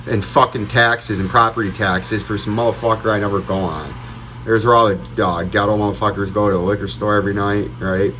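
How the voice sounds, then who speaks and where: A man's voice: lowish voice, a bit bright, slight background noise. Foul-mouthed ranting man. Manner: profane, rambling, ranting. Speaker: crypto vlog host. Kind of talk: casual rambling vlog commentary.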